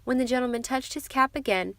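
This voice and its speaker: A woman reading an audiobook in a measured, even storytelling manner. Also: sits high, no echo. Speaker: audiobook narrator. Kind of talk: scripted audiobook narration.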